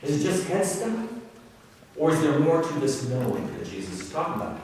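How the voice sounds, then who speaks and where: A man's voice: on the high side, sing-song, brisk, a little mellow, slight background noise. A man preaching a sermon as pastor, chatty and self-deprecating, telling stories with quoted voices. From Ohio. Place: church sanctuary. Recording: reverberant church hall, mic at a distance.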